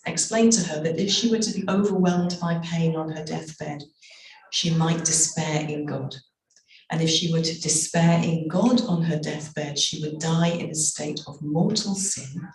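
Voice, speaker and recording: Middle-aged woman, storytelling reading, measured pauses, echoey room, distant mic. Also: low-pitched. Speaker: author reading from her memoir.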